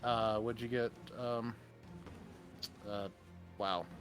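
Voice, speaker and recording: A man's voice: medium pitch, level tone, slow pace, fairly bright tone, faint music behind. A man running a tabletop game as game master, who laughs often and talks with hesitant fillers and restarts.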